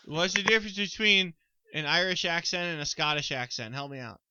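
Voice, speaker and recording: A man's voice: fairly high pitch, lively intonation, fairly quick, pushed and bright, slight background noise. A man co-hosting a casual sports podcast, rambling with stammered restarts and frequent ums. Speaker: podcast co-host.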